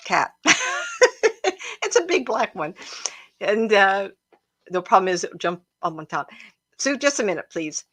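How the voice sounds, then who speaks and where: A woman psychic medium hosting a livestream, telling stories in an emotional, animated way and often breaking into laughter. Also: mid-range voice, a little slow, long pauses. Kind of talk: casual livestream storytelling.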